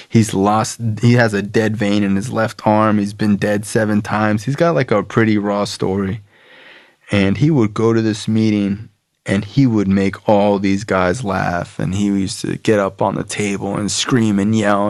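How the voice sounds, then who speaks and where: A man with a low, gravelly voice tells his story on a podcast. He talks loosely and swears freely, leans on fillers, and slips into quoted voices. The sound is dry and close. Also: darkish tone, dry recording. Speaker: podcast guest. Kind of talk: casual storytelling about recovery.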